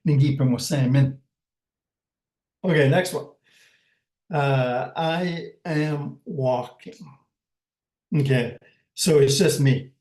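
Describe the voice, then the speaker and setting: A man teaching a language lesson, speaking slowly and patiently in an average-pitched voice. He repeats each word carefully and keeps checking in with his listeners. The room around him is echoey. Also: darkish tone. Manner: slow, patient, repeats words and says "okay" often.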